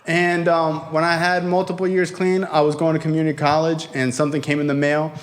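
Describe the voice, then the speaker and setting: Man, young adult, high-pitched voice, animated storytelling speech, convention crowd, frequent swearing. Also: a little fast. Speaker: recovery speaker. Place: convention hall before a crowd.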